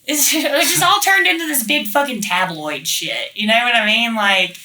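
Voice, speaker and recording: A woman's voice: fairly high pitch, lively intonation, normal speed, bright, forceful tone. A woman being interviewed, telling a rambling story in casual chat, full of swearing and fillers like "like" and "you know". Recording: roomy echo, mic at a distance.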